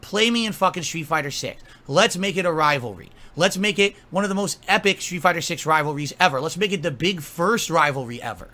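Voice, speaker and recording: A man's voice: fairly high pitch, lively intonation, brisk, few pauses, pushed and bright. A man delivering an angry, profane rant, scolding and mocking someone at length. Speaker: streamer.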